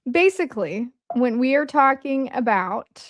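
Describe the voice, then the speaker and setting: This Midwestern livestream host has a high-pitched voice with lively intonation and a slightly slow pace, chatting casually and tossing jokes to chat. The audio is studio quality with no echo.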